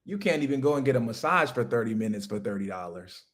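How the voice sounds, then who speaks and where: A man hosting a livestream, a business coach, delivers an emphatic, profane motivational rant about business, speaking directly to his chat viewers. He talks fast in a medium-pitched, slightly bright voice with lively intonation.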